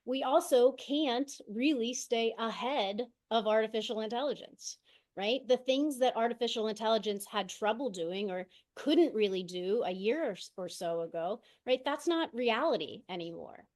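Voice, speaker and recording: Woman presenter on a video call, kinda high voice, keeps tossing in "right?" as she explains. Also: normal speed. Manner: steady explaining, often tags "right?". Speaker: conference presenter, educator. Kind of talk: online conference presentation. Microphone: video call mic, set far from her.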